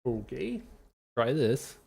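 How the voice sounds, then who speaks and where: A man on a live stream whose voice carries a gravelly edge. He talks casually, half to himself, muttering and cursing as he fiddles with settings, and his pitch sits right in the ordinary middle. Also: big pitch swings, slow, darkish tone.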